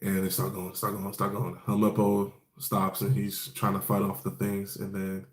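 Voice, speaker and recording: A man's voice: low-pitched, completely flat delivery, normal speed, a little mellow. Laid-back man recapping with roomy echo. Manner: rambling, profane, laid-back storytelling with fillers. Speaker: anime episode recap host. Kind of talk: casual episode recap.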